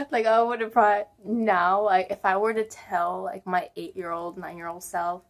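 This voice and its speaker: A young woman vlogger telling an old personal story at an unhurried, drawn-out pace. She chats casually, laughs often, and fills her talk with "like" and "um". Her voice sits in a middle range for a woman. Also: mid-range voice, steady tone. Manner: chatty, giggly, full of "like" and "um".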